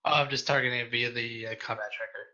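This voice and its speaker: Bright-voiced apologetic gamer guy. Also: medium pitch, fast talker. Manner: apologetic, self-deprecating, excitable. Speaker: player. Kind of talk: casual tabletop game chat.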